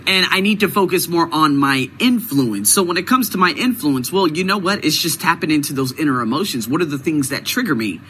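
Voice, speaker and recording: A man's voice: fairly high pitch, expressive, brisk, few pauses, pushed and bright, a little hiss or hum, poor audio. A man hosting his own video series, talking through a casual vlog monologue, emphatic and repeating words for stress. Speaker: video host.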